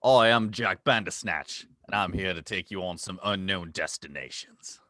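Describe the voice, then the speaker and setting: A man's voice: sits low, moderate pace, sharp tone, no room sound, clean studio sound. A man putting on a cheery globetrotting male travel guide, calling everyone mate. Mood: chummy. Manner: chummy, calls everyone mate.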